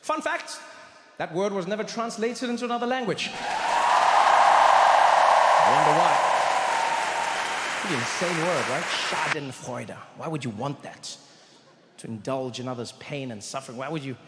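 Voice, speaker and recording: A man doing stand-up comedy on a live stage, telling an animated story and acting out the voices of other people. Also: fairly high pitch, normal speed, long pauses, long reverb tail, a loud crowd, very noisy.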